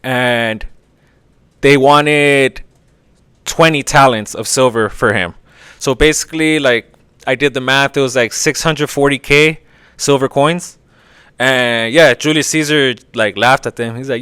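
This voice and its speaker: A man's voice: mid-range voice, a little slow, a bit bright, clean tone, no room sound. A man hosting a podcast, casually retelling a story in a rambling, profane way. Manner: profane, rambling, lots of filler. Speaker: podcast host.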